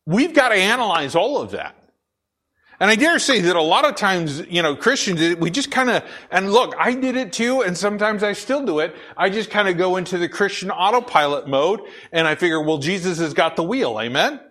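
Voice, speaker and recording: A middle-aged man with a deep, full radio-style voice, preaching a conversational sermon as pastor with many fillers and restarts. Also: expressive, fairly quick, bright, forceful tone.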